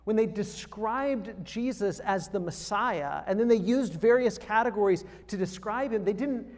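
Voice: medium pitch, measured pace, long reverb tail. A conference speaker teaching pastors about preaching, talking emphatically and building points through repeated phrases and rhetorical questions.

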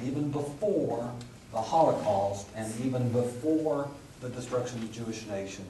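A man's voice: mid-range voice, mellow, recorded from a distance. A man delivers a rambling, conversational Bible lecture, peppered with fillers and dry humorous asides. He sounds set back from the microphone in a reverberant hall. A faint hum sits underneath. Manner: conversational, with frequent fillers and restarts. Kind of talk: classroom lecture. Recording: roomy, from the mic, faint hum.

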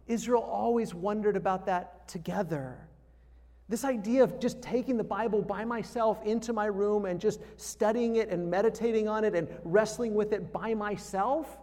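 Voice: mid-range voice, a little mellow, long reverb tail. A conference speaker teaching pastors about preaching, talking emphatically and building points through repeated phrases and rhetorical questions.

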